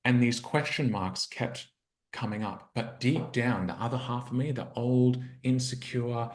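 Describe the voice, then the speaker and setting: A relationship coach speaks a little slowly, his medium-pitched voice keeping a steady tone. He's telling a personal story in a podcast interview, earnest and thoughtful, performing the conversation in his head, with roomy echo on the recording.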